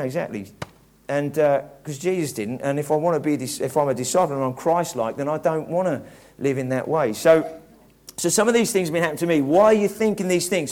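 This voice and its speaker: A man's voice: a little high, a little mellow. A man preaching a conversational, reflective sermon, often restarting his sentences. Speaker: pastor.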